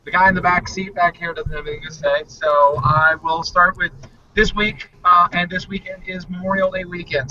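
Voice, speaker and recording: A man hosting a casual live show from inside a moving car, joking and rambling with excitement. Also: high-pitched. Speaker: podcast host. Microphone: mobile hotspot link from the car. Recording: dull, distant car-mic sound with road noise.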